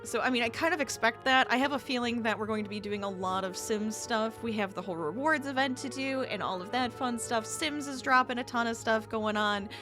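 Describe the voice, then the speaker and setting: A chatty, upbeat woman talks casually as she plays a game for her channel, laughing easily between thoughts. Her voice sits a little high, with music playing clearly behind her. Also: fairly quick, few pauses. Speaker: gaming YouTuber and streamer. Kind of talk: casual chat over gameplay. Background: background music.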